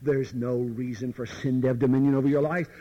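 A man's voice: medium pitch, fairly even intonation, brisk, dull audio. A man preaching a sermon with dramatic emphasis, addressing the listener directly and sometimes dropping to near whispers.

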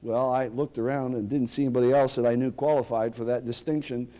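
A man's voice: mid-range voice, steady tone, quick pace, mellow. A middle-aged man preaching a sermon, telling stories and building to emphatic declarations. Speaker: pastor.

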